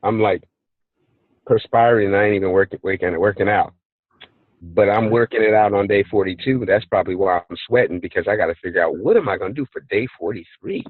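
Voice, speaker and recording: A low-pitched man talks loosely and energetically through a motivational chat. His voice sits dry and close to the mic. He tells stories and acts out bits of them in quotes. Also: a little fast, no echo, narrow, tinny audio. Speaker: host of a team call. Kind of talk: casual motivational talk. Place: hot place, remote recording.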